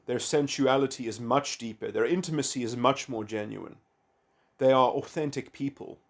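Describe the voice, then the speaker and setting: Halting, rambling man musing aloud. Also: mid-range voice. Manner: halting, full of restarts and "you know". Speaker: video essayist. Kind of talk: rambling philosophical monologue.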